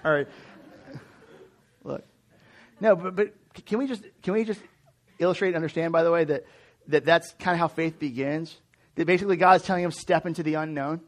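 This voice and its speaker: A man in his thirties preaching a sermon, conversational and animated, with frequent restarts and asides. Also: fairly high pitch, moderate pace, long pauses. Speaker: pastor.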